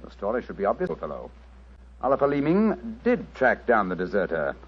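An actor with a British accent playing a sharp, cool detective in 1940s radio acting, laying out deductions in a measured, precise way. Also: male voice, fairly low pitch, huge pitch swings, exaggerated voice. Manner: crisp, measured, lordly deduction. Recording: dull old radio broadcast.

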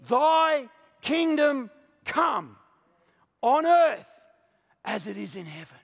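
A man with an Australian accent preaching a passionate sermon as a pastor, moving from quiet, intimate asides to shouted declarations. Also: high voice, husky. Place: large church auditorium. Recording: live church recording with long hall reverb.

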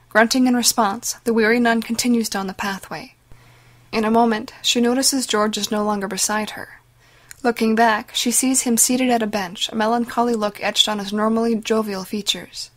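A woman giving dramatic, measured scripted narration of a story. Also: on the high side, steady tone. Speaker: audiobook narrator.

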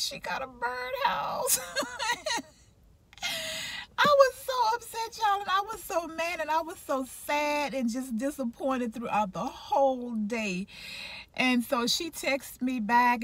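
A woman's voice: high-pitched, a little slow. A woman chatting casually to her viewers from her car, rambling through a story and saying y'all a lot. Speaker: vlogger. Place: parked car.

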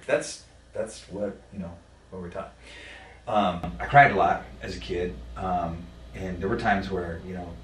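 A man telling a personal story in a podcast conversation, blunt and profane, halting with many fillers. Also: low-pitched, fairly even intonation. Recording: roomy sound from a distant mic.

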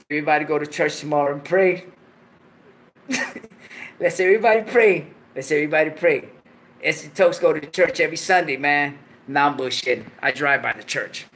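A man's voice: on the high side, steady tone, normal speed, sharp tone, a little hiss or hum. A man hosting a late-night livestream, talking casually, full of slang and profanity and joking between laughs. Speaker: livestream host.

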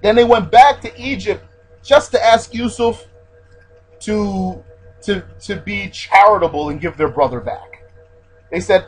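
A man with a high, husky voice gives an explanatory religious lesson. He goes over each point more than once and leans on the Arabic terms he teaches. Faint music sits under his voice. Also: a little slow, poor audio. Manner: repeats key points, stresses Arabic terms.

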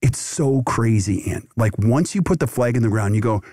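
A middle-aged man, a podcast guest from the dental industry, talking in an animated, conversational way and often acting out quotes. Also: medium pitch, normal speed, no echo, clean studio sound. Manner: animated, jumps into lively acted-out quotes. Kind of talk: conversational interview answer.

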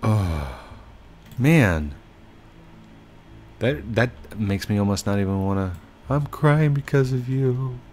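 A man's voice: lowish voice, expressive, slow pace, pauses often, a little mellow, a little hiss or hum. A man doing casual gameplay commentary, apologetic yet firm as he lectures players about rule breaking. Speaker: gaming YouTuber.

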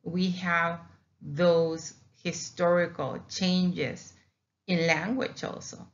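Woman teacher, slow and patient, repeats words, dull lo-fi sound. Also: on the low side, steady tone. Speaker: Spanish teacher. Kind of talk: recorded slideshow lecture.

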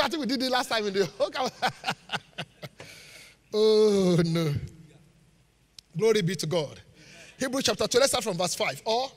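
A man preaching a live sermon in church, joking with the congregation and pausing for it to finish Bible verses. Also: high-pitched. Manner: call-and-response, leaves gaps for the congregation to finish verses; jokes and laughs with the congregation. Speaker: pastor. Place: church auditorium. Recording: live church hall reverb.

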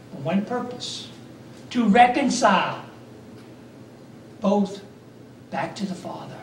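High-voiced preacher heard from afar. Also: male voice, slight background noise. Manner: fervent storytelling with repeated phrases. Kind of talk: sermon. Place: church sanctuary. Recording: echoey church hall from far off.

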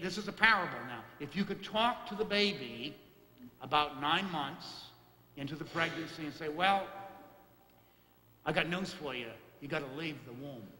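A priest gives a homily in a folksy, halting voice that keeps pausing on fillers and starting over. His tone is bright and fairly high for a man. The church around him rings with a long, hollow reverb.

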